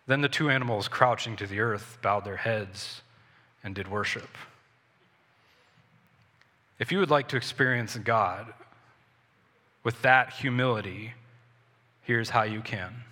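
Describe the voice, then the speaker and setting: Man, pastor, earnest sermon, repeats himself, bright, reverberant church. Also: lowish voice, measured pace, long pauses. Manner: earnest, repetitive, self-correcting. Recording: long hall reverb.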